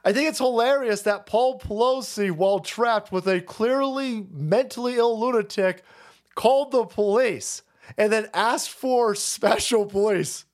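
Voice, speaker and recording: A man's voice: high voice, unhurried. A man hosting a stream who rants about politics in a sarcastic, mocking, foul-mouthed way. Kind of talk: profane political rant.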